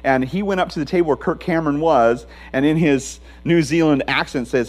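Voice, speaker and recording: A middle-aged male pastor preaching a sermon in a conversational, emphatic way, with a low hum behind him. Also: expressive, a little fast, few pauses, a little mellow, rough recording.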